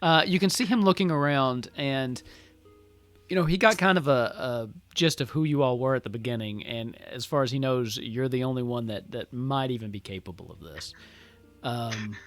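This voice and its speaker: A man narrating a tabletop role-playing game as game master, with an animated delivery and frequent fillers. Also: mid-range voice, moderate pace, no echo, soft background music. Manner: lively, narrates with hesitant fillers.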